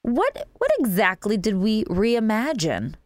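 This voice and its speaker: A woman's voice: medium pitch, big pitch swings, unhurried, dry recording, clean studio sound. A woman hosting a local radio talk show, gushing and promotional as she chats and plugs local businesses.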